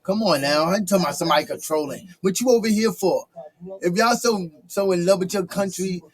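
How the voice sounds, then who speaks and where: A man giving heated, scolding commentary full of rapid-fire rhetorical questions. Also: sits high, a crowd in the background.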